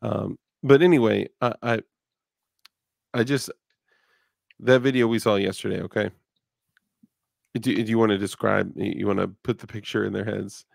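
A man's voice: fairly low pitch, steady tone, normal speed, creaky, long pauses, dry recording, studio quality. A male podcast host in casual chat, rambling and joking about himself. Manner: rambling, self-deprecating, joking.

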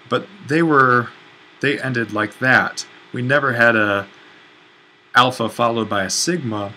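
A man gives a recorded lecture in a bright, forward voice. He explains patiently and thinks aloud, pausing on fillers and fixing his own slips. A faint hiss sits under the recording. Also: medium pitch, poor audio. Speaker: teacher.

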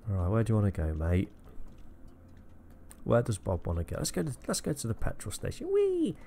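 Male gamer, crude banter, wildly swinging pitch, slight fry, faint background hiss. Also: sing-song, a little fast, warm tone. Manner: crude, swearing, jokey, with squeaky high outbursts. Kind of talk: casual let's-play commentary.

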